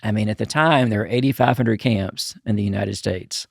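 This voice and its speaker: A man guest on a podcast, telling his story in a lively casual way, peppered with "you know" and acting out what others said. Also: fairly low pitch, normal speed, gravelly, dry recording, clean studio sound. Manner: animated storyteller, acts out quotes with filler "you know". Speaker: guest, camp ministry founder.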